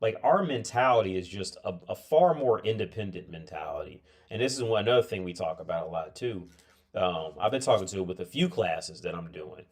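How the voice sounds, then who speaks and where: A tired man chatting on a casual livestream, his voice sitting very low. He rambles loosely, restarting sentences and leaning on filler words as he goes. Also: lively intonation, brisk, a little mellow. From United States. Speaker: livestream host.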